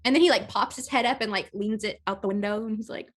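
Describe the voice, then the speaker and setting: Young adult woman co-host, casual podcast chat, frequent laughter, animated quoted asides, rough home recording. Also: medium pitch, fast talker.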